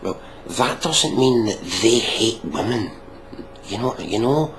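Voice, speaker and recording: A man's voice: medium pitch, lively intonation, slow pace, noisy background. A man giving mocking, sweary reaction commentary on a video, ranting sarcastically.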